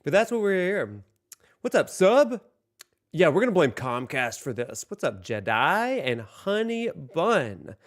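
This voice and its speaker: A man's voice: on the high side, big pitch swings, measured pace. A man hosting a casual livestream from home, joking, laughing often and chatting directly to his viewers. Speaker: livestream host.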